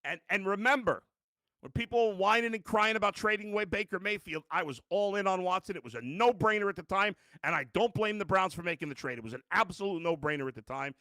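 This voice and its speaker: A man's voice: sits high, fast, pushed and bright, no echo. A middle-aged man hosting a live post-game sports show, ranting bluntly with profanity, self-mocking asides and frequent restarts. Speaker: sports talk show host.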